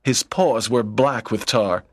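A man's voice: medium pitch, slow, no echo, studio quality. A man reading a children's story aloud in plain, simple sentences. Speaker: narrator. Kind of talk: slow read-aloud storytelling.

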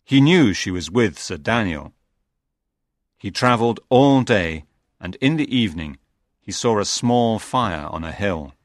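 A man narrating a simple storybook slowly and deliberately. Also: lowish voice, animated, dry recording, clean studio sound. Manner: slow and deliberate.

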